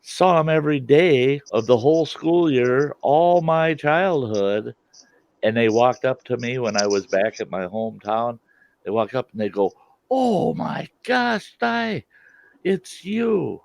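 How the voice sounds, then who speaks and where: The host, a middle-aged man of medium pitch, speaks at a moderate pace in a casual outdoor chat at a campfire, laughing frequently through his lively stories. There's no echo, and the audio sounds dull and lo-fi.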